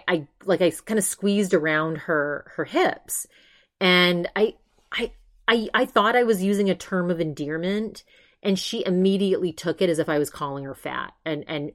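A woman hosting her own podcast, talking casually and rambling, with many restarts as she retells what others said. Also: low-pitched. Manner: chatty, rambling with frequent restarts and "she's like" retellings. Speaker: podcast host. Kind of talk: casual monologue review.

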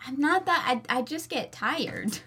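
A tired woman co-hosting a casual book club show, protesting and bantering with animated indignation. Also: sits high, unhurried, breathy edge. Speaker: podcast co-host.

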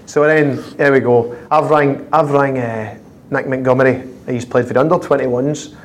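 A man with a Scottish accent, a footballer guest telling prank-call stories with lively laughter and constant "I says". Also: medium pitch, normal speed. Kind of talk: anecdotal storytelling.

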